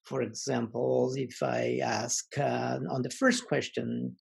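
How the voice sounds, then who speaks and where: A man teaching an online language lesson, reading word lists aloud slowly and pausing often with fillers. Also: medium pitch, steady tone, creaky, darkish tone, husky, rough recording.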